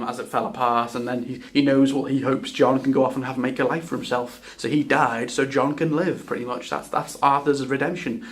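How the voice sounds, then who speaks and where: Rambling, excited man reviewing a game. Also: medium pitch. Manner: rambling and enthusiastic, with frequent restarts and swearing. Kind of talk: casual spoken game review.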